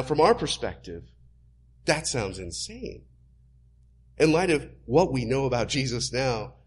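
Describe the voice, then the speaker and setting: A man's voice: mid-range voice, husky. A man preaching a sermon in an emphatic, teaching manner.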